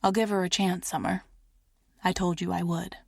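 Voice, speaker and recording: A woman's voice: on the low side, level tone, moderate pace, creaky, no echo. A woman narrator playing a tired, aloof male CEO who banters with a dry, taunting edge.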